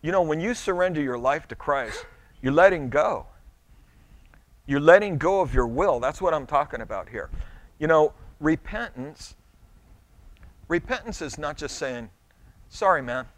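A middle-aged man preaching a sermon in a loose, conversational way, often restarting his words. His voice sits a little high for a man. The sound is close and dry, with no room echo. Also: animated, normal speed, long pauses. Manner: conversational preaching with repeated restarts and acted-out quotes. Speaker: pastor.

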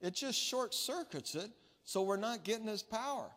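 A man's voice: high voice, lively intonation, moderate pace, a bit bright. A male pastor giving a sermon, telling a story in a conversational way with frequent restarts. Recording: long reverb of a large hall.

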